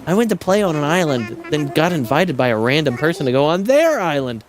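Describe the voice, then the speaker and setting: A streamer giving casual, excitable commentary while playing a game, swearing freely and laughing often. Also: medium pitch, brisk.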